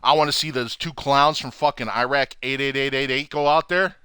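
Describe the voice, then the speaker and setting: A man hosting his own channel, ranting furiously to camera from home with heavy swearing and loud outbursts. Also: medium pitch, fairly even intonation, fairly quick, clear, resonant tone, no echo, studio quality. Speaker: channel host. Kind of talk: angry profane rant to camera.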